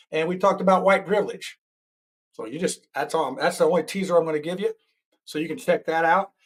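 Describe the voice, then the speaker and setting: A man in his sixties hosting a live-streamed talk show, rambling and joking and often correcting himself as he goes. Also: fairly high pitch. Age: 60s.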